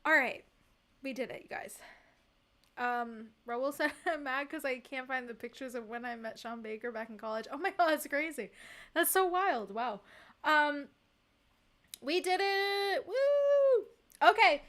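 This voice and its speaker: High-voiced woman streamer ranting casually. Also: moderate pace. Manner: animated, ranting, laughs often. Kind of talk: casual live-stream chat.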